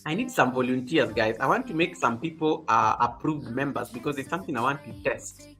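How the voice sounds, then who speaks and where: A livestream host with a mid-range, fairly bright voice and lively intonation talks a little fast. He chats casually, greets viewers by name, and repeats his phrases while faint music plays in the background.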